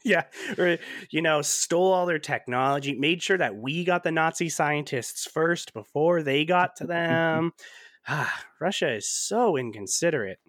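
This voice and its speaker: A man hosting a casual movie-review podcast, animated and laughing often, with plenty of fillers. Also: fairly high pitch, normal speed, few pauses, no echo, studio quality. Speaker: podcast host.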